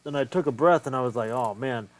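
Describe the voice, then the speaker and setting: A man's voice: medium pitch, racing. A man casually talking through a hands-on repair of an old game cartridge, thinking aloud and swearing freely as he works. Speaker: retro game collector.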